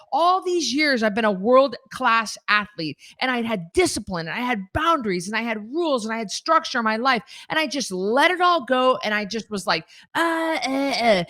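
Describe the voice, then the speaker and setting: A woman from northern Idaho, a guest telling her story in an interview with animated, emphatic delivery. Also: on the high side, no room sound, clean studio sound. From northern Idaho, USA.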